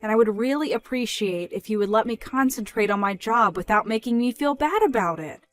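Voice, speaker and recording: A woman doing a calm, firm young woman. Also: on the high side, close to an everyday voice. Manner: measured, polite but firm. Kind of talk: dramatized story narration.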